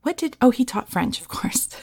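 Chatty, husky-voiced woman host. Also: high-pitched, a little mellow. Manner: chatty, self-deprecating, laughing, nervous; often whispering. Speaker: host reading listener scripts. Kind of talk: casual chat.

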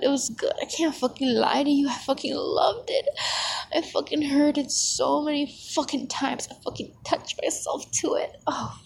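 A young adult woman in a whispered role-play, speaking in a breathy, excited, profane whisper close to the mic. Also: sits high, a little hiss or hum.

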